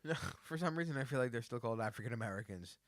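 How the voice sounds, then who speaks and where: A man's voice: medium pitch, expressive, racing, no echo, studio quality. A man co-hosting a podcast in casual chat, trading wry jokes. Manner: joking, wry banter. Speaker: podcast co-host.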